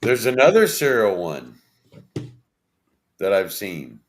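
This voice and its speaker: A man co-hosting a podcast about paranormal topics, chatting casually with deliberate, drawn-out phrasing. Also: fairly low pitch, very animated, slight background noise. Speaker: podcast co-host. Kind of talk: casual chat.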